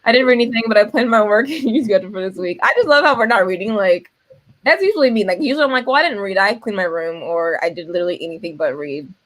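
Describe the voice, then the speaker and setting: A woman's voice: medium pitch, expressive, racing, no echo. A young woman with an East Coast American accent co-hosting a livestream, chatty and self-teasing, laughing often. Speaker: readathon co-host. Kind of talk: casual livestream chat.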